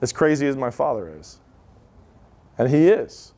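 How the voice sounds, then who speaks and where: A man's voice: mid-range voice, lively intonation, a little slow, dark tone. A man in his thirties giving an informal talk to an audience, telling stories in a conversational way with many asides. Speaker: speaker at a live event.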